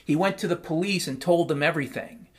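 A man's voice: fairly high pitch, brisk, slightly rough. A man telling a first-person story in a casual, wry, matter-of-fact way, over piano music.

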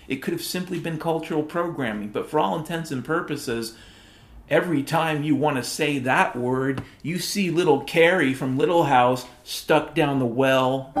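A middle-aged man from Washington state delivering a profane, sardonic, rambling comedic monologue. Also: medium pitch. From Washington state, USA. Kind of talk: comedic spoken-word monologue. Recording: roomy echo with music underneath.

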